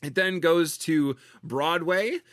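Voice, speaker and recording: A man's voice: on the high side, slow pace, a bit bright, no room sound, clean studio sound. A man hosting a podcast, giving a background talk in a casual, hesitant way with many restarts. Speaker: podcast host.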